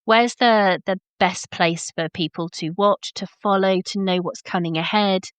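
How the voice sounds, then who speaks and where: A woman's voice: mid-range voice, fairly even intonation, a little slow, clean tone, no room sound. A woman hosting a podcast interview, talking conversationally with fillers like um and kind of. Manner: conversational, with kind ofs and ums. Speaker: podcast host.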